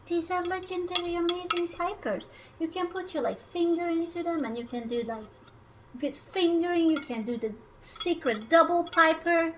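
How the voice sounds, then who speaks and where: Woman streamer, high-pitched and bright, teasing banter while cooking, faint noise behind. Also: expressive, moderate pace. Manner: playful, teasing, jokey banter with chat. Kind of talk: casual livestream chat while cooking.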